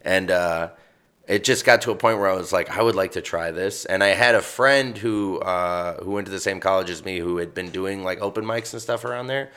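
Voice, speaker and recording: German-born comedian guy, lowish voice, rambles with lots of likes and you knows. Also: brisk, fairly bright tone, smooth. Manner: rambling, filler-heavy storytelling. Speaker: comedian guest. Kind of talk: casual interview chat.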